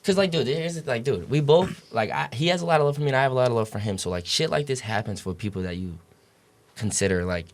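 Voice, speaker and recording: A young college basketball player, guesting on a podcast, talks fast in a mid-range voice. His casual storytelling rambles along with heavy slang, lots of swearing and fillers like "you know what I'm saying".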